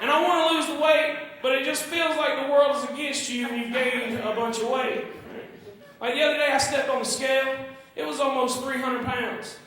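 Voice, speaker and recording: Stand-up comic, Southern man, very high voice, recorded from afar in a very echoey club. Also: steady tone, moderate pace, a crowd in the background. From Georgia, US. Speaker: stand-up comedian. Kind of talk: stand-up comedy set. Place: comedy club stage. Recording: echoey club from a distance, audible noise. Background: audience laughter.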